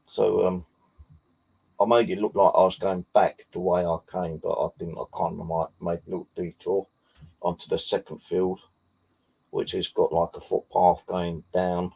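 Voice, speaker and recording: Man, low husky voice, dark tone, casual sweary storytelling. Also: level tone, moderate pace. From Bexley, southeast London. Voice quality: deep gravelly husky voice. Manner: heavy swearing, rambling with fillers. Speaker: paranormal vlogger. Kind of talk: casual rambling anecdote.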